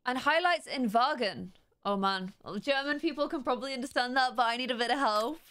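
A young woman hosting a let's play, chatting curiously and reading game text aloud slowly as she thinks. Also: a little high, bright, forceful tone, clear, resonant tone.

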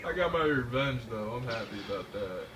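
A young man giving loud, profane, excitable live commentary over a shooter game, yelping when things go wrong. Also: mid-range voice, fairly quick, recorded from a distance, background noise. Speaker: gaming commentator.

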